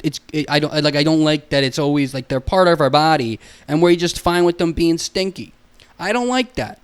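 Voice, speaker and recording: A young man hosting a solo podcast alone in a room, goofy and self-mocking, rambling and swearing a lot. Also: on the high side.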